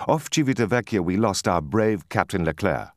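A man's voice: sits low, lively intonation, normal speed, dry recording, studio quality. A man voicing an earnest, sorrowful young male sailor in an audiobook. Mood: grave. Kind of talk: audiobook character voice.

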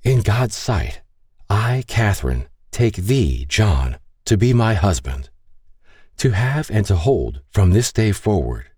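A man with a husky voice voicing a playful, tender young woman about to marry, speaking softly and teasingly, set somewhat higher than his own voice. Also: very animated, takes it slowly, no echo, exaggerated voice. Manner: soft, teasing, gently pleading.

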